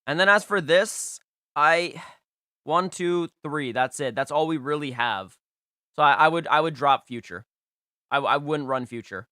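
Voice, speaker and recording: Bright-voiced young man streaming. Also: on the high side, unhurried, dry recording, studio quality. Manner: emphatic and playful, repeats phrases for stress. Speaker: livestream host rating viewers' game teams. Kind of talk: casual live-stream commentary.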